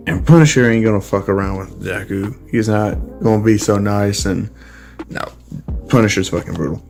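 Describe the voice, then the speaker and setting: A man's voice: lowish voice, normal speed, creaky, darkish tone, faint music behind. A man casually retelling a fan story, rambling with many fillers and crude swearing.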